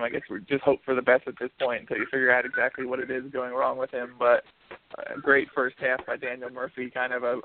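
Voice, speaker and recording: A man's voice: mid-range voice, a little hiss or hum. A man hosting a casual sports podcast, recapping the game in a conversational way over tinny audio. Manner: conversational, recaps scores and news. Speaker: podcast host. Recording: tinny phone-line audio.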